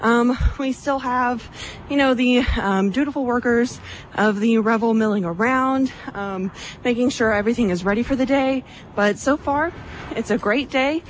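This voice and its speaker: A woman's voice: on the high side, normal speed, slight background noise. A female radio reporter giving a live report from an outdoor festival, a little out of breath. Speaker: radio station field reporter.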